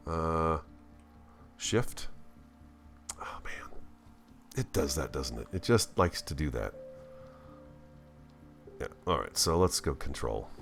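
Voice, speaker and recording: A man's voice: a bass voice, creaky. A man giving casual, folksy commentary while building in a game, chatting to his viewers like friends. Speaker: let's-play host.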